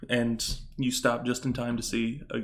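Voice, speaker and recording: A man running a tabletop game as game master, explaining the scene in a relaxed, casual way. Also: mid-range voice, normal speed, slight background noise.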